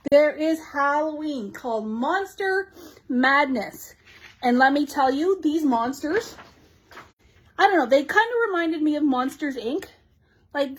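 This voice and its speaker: A woman with a Canadian accent hosting a live shop showcase of new craft supplies, bubbly and gushing, with quick asides to her viewers. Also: high-pitched, low-quality recording. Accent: Canadian English. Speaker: shop host showing new craft products. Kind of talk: live product showcase chat.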